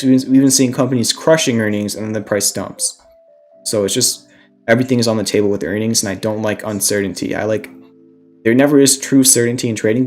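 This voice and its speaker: A young man hosting a casual stock trading livestream, a little out of breath, talking through trade ideas and answering chat questions. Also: lowish voice.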